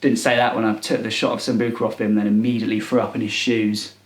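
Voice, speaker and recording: A man playing a clueless millennial partygoer who rambles and misuses slang in a deadpan comedy monologue. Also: lowish voice, fast talker, roomy sound, lightly acted. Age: 20s. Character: clueless self-styled cool male millennial partygoer. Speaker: comedy character.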